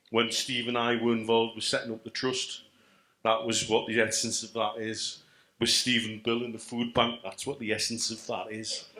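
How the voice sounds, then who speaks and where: A man's voice: medium pitch, bright, forceful tone. A man giving a passionate, emphatic speech at a live fan event. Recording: echoey event room.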